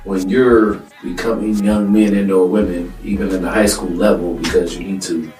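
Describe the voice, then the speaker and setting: Low-voiced man in a roomy space. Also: steady tone, moderate pace, a little mellow. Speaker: podcast co-host. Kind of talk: casual chat. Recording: roomy, distant mic, faint music.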